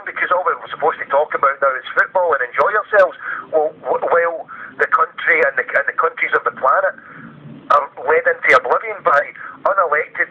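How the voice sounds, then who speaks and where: A man's voice: fairly high pitch, slightly rough. A man with a Glaswegian accent calling in to a radio phone-in, cheeky and rambling as he rants. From Scotland. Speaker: caller. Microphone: telephone. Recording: dull phone line.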